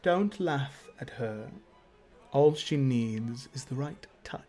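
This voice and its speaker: A man voicing an elegant, possessive elven patron woman who speaks softly and coaxingly, calling others darling. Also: mid-range voice, lively intonation, slow pace, soft background music. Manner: purring, soft-spoken, keeps calling others darling.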